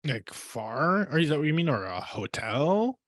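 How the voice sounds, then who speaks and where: A man's voice: a little high, big pitch swings, measured pace, fairly bright tone, dry recording, studio quality. Conversational male podcast host. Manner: conversational, prompting questions. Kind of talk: casual interview.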